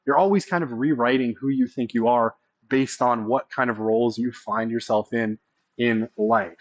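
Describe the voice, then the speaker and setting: A man's voice: medium pitch, steady tone, moderate pace, highs cut off. A man giving a casual college sociology lecture, often checking in with the class by asking "right?".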